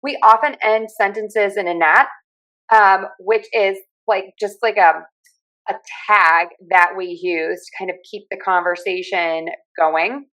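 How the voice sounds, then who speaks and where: A woman with a Pittsburgh accent talks through speech sounds like a friendly teacher, spelling out each point clearly and stopping to demonstrate vowels. Her voice sits at an ordinary middle pitch for a woman. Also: steady tone, measured pace, a bit bright, poor audio. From Pittsburgh, USA. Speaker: speech pathologist and communication coach. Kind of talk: explanatory talk on accents.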